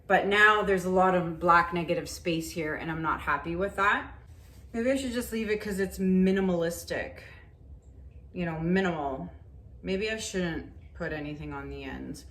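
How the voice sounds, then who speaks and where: A woman's voice: on the low side, moderate pace, fairly bright tone. A woman talking to herself and her viewers while painting, chatty and often frustrated, trailing off mid-thought. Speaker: acrylic pour painting vlogger. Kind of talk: casual talk while painting. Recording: roomy echo, faint ambient noise.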